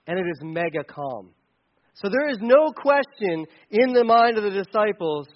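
A man preaching a sermon in a conversational, animated way, sometimes shouting for emphasis. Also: extremely high pitch, normal speed, lo-fi sound. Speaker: pastor.

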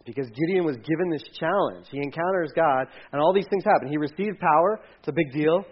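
A man preaching a sermon in a casual, animated way, acting out quotes and sometimes dropping his voice low. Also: a little fast, few pauses, slightly rough, muffled recording. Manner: conversational, animated, acts out quotes, drops to hushed tones. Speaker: pastor.

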